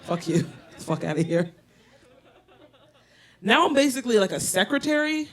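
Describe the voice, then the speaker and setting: A stand-up comedian on a small indoor comedy bar stage tells brash, profane stories into a handheld mic. Her medium-pitched voice is very animated and moves at a normal speed.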